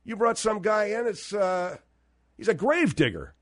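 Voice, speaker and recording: A man's voice: high-pitched, big pitch swings, unhurried, a bit bright. A man hosting a talk show, ranting in a blunt, profane, combative way.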